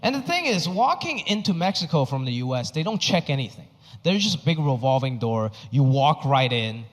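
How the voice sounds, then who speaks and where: A man from Hong Kong does a stand-up set, telling a self-mocking story with a very animated, swinging pitch. His voice sits a little high for a man and rings out with the long reverb of a theater hall. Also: a little fast. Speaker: stand-up comedian.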